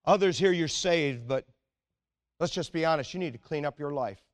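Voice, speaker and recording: Earnest, slightly high-pitched male preacher. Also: normal speed. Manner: earnest and exhorting, often dropping to a quiet, intense tone. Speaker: pastor. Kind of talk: sermon.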